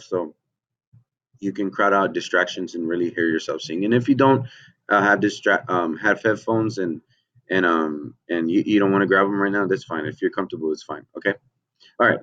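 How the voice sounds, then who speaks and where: A man teaching a children's music lesson online, patient and slow, often checking in with "okay?" and switching into a high falsetto to sing. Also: dull audio.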